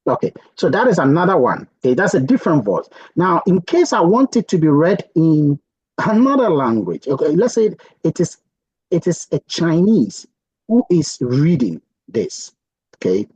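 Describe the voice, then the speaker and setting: A man walking viewers through software on his screen, chatty and thinking aloud with frequent "okay"s. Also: a little high, big pitch swings, normal speed, husky, dry recording, poor audio. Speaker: software tutorial presenter. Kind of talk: casual screen-share tutorial.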